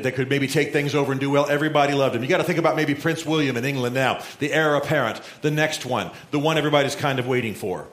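A male pastor preaching a sermon, telling a Bible story and acting out the quotes with lively, conversational energy. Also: medium pitch. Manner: storytelling, animated, acts out quotes. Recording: roomy echo.

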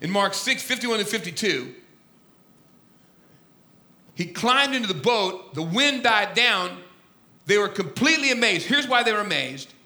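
A man preaching a sermon, telling a story dramatically, swinging from loud to hushed. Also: high-pitched, very animated, a little slow, pauses often, reverberant. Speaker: pastor.

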